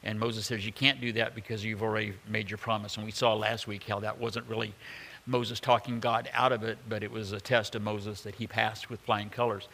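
A pastor preaches in a bright, forward, rather low, creaky voice, a little fast and flat in delivery. He talks loosely and conversationally, full of "uh"s, restarts, and joking asides. His voice rings out with long hall reverb behind it, plus a little hiss or hum.

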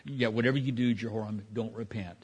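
A man's voice: lowish voice, fairly even intonation, fairly quick, husky. A middle-aged man as pastor preaching a sermon, talking conversationally with frequent restarts and asides.

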